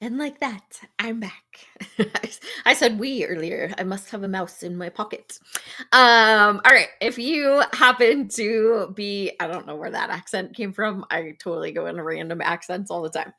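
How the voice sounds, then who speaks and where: Woman hosting a mental health show solo, bright voice, chatty and casual, laughs at herself. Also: on the low side. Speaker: podcast host.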